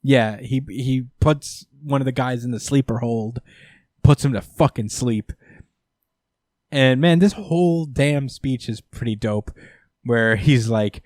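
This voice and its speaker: Man excitedly recapping comics, profane. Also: medium pitch, slow, no echo, clean studio sound. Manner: excited, profane, laughing retelling. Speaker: podcast host. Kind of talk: casual comic-book recap chat.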